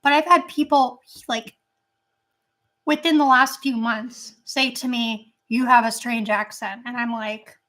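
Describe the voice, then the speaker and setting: Bright high-voiced woman, chatty and rambling. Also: fairly even intonation, unhurried. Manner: chatty, rambling with many fillers. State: voice strained, not great right now. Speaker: channel host. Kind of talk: casual chat.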